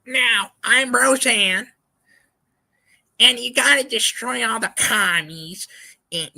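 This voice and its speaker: A man's voice: sits high, creaky, sharp tone, voice pushed up, heavily acted, low-quality recording. A man impersonating a brash middle-aged woman in a rambling political rant.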